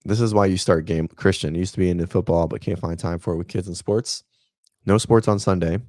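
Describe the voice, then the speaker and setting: A man's voice: low voice, fairly even intonation, fairly quick, warm tone, no echo, studio quality. A man in his thirties, a fitness coach and host, chatting casually on a livestream in a rambling, laid-back way and talking to viewers by name.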